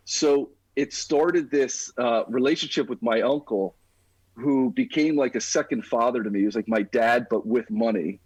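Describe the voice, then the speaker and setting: Husky-voiced man telling his story. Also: medium pitch, moderate pace, no echo, rough recording. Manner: energetic, talks like a buddy, says "dude". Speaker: podcast guest. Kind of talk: casual storytelling.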